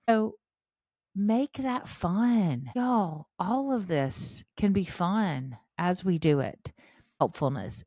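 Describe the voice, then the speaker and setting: A middle-aged woman giving encouraging parenting advice in a casual podcast, acting out quoted voices with animated shifts. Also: fairly low pitch, no room sound. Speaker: podcast host, parenting educator.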